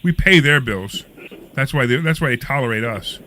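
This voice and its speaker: A man's voice: mid-range voice, expressive, moderate pace, bright, forceful tone, a little hiss or hum. A male radio host taking calls, blunt and sarcastic, often cutting in. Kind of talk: call-in talk radio.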